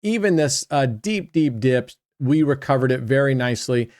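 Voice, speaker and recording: A man's voice: medium pitch, expressive, normal speed, darkish tone, dry recording, clean studio sound. Chatty man narrating his roulette play. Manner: chatty, addresses viewers directly, trails off mid-sentence. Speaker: host. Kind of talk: casual commentary while playing roulette.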